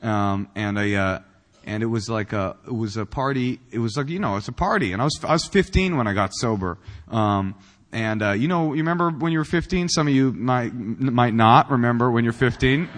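A man's voice: medium pitch, fairly quick, long reverb tail. A man from Northern California giving a humorous personal talk at a recovery meeting, rambling and self-mocking with many fillers and restarts. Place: meeting room.

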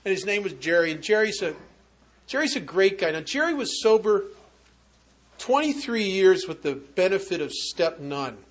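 A man's voice: sits high, sing-song, moderate pace. A man speaking at a recovery meeting, telling a humorous personal story in a conversational, wry way with frequent restarts.

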